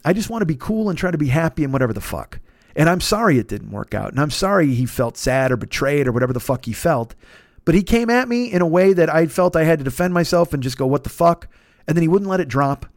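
A man's voice: on the high side, lively intonation, fast talker, no echo, studio quality. A man in his fifties hosting a comedy podcast, telling a long story in a casual, profane way, full of restarts and self-interruptions. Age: 50s.

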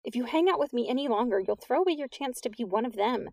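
An anxious teenage girl, put on by a woman reading aloud, her voice pitched up high and spilling out in heated, pleading bursts. The recording is close and dry, with no room sound around her. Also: lively intonation, darkish tone, no room sound. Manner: heated, pleading, quick to self-pity.

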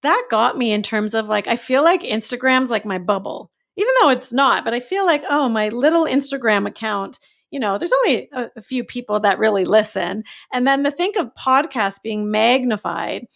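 A woman coach talking as a podcast guest, animated and acting out her own inner thoughts in quotes. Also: fairly high pitch, normal speed, creaky. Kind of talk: casual podcast conversation.

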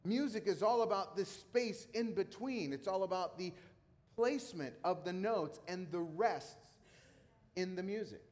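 A man's voice: high voice, unhurried, darkish tone. A middle-aged man who is a pastor, preaching a sermon in a casual, conversational way with emphatic repetition. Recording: long hall reverb.

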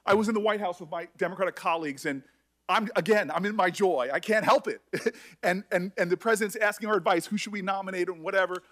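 A middle-aged man speaking at a hearing as a senator, emotional and halting, often restarting his sentences. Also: sits high, fairly bright tone. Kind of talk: emotional public address.

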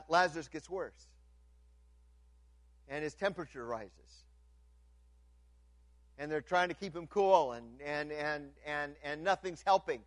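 There's no room sound as a pastor with a strikingly high voice preaches to the congregation. He stumbles over repeated words on restarts, and his delivery ranges from loud, elevated passages to nearly hushed lines.

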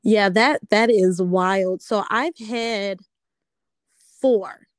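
A woman speaking earnestly in a casual conversation, measured, with fillers and self-corrections. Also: medium pitch, no echo.

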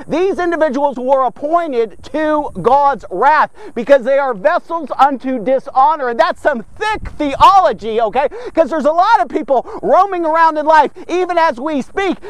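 A man's voice: very high voice, fairly bright tone, no room sound. A man preaching a devotional podcast sermon, fervent and emphatic, asking and answering his own rhetorical questions.

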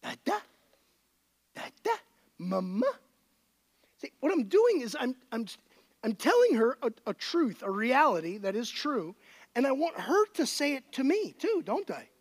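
A male pastor giving a conversational, animated sermon to his congregation. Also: very high-pitched, normal speed.

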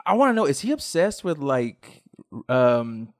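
A man's voice: medium pitch, sing-song, unhurried, no room sound, studio quality. A young man co-hosting a casual podcast chat, rambling with restarts and mimicked quotes. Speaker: podcast co-host.

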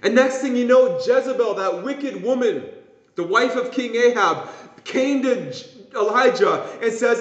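A man with a high voice preaches with passion, now and then slipping into whining voices to make his point. His sermon comes through a dull, lo-fi recording in an echoing church room. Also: unhurried. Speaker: pastor. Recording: echoey room, dull lo-fi sound.

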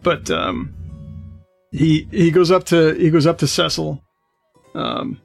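A man narrating as game master of a tabletop game, with many halting fillers. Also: fairly high pitch, creaky, faint music behind.

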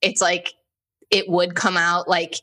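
A woman hosting a podcast in casual chat, telling personal stories with lots of "like" and an animated delivery. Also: fairly low pitch, takes it slowly. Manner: chatty, heavy use of "like", animated storytelling. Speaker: podcast host.

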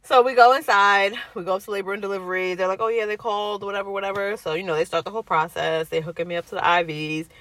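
A woman's voice: medium pitch, quick pace, hardly any pauses, no echo. A young woman telling a personal story in casual chat, acting out the voices of the people she quotes. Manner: animated, acts out quoted voices.

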